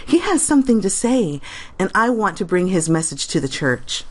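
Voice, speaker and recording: A woman's voice: mid-range voice, sing-song, moderate pace. A woman making a casual reaction video, reading comments aloud with sarcasm and frequent giggles.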